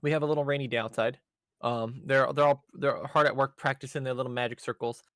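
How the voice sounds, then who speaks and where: A man's voice: mid-range voice, steady tone, fast talker, a bit bright, no echo, studio quality. A man casually recapping an anime episode on a podcast, rambling with fillers and swearing. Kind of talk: casual chat.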